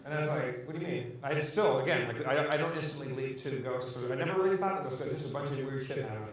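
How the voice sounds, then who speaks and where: A man telling a profane, animated story on stage at a live podcast taping. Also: mid-range voice, quick pace, recorded from a distance, slight background noise. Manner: animated, profane, acts out shouts. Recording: echoey live room from off-mic.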